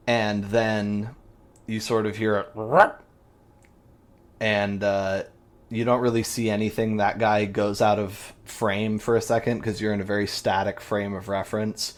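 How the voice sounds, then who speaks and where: A man's voice: on the low side, level tone, unhurried. A man narrating a tabletop game as game master, in a rambling, descriptive way with many fillers.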